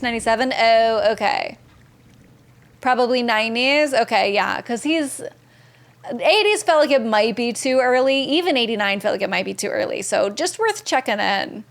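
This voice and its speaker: A woman streaming a video game live, chatting excitedly and reading viewer messages aloud. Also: a little high. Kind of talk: live gameplay commentary.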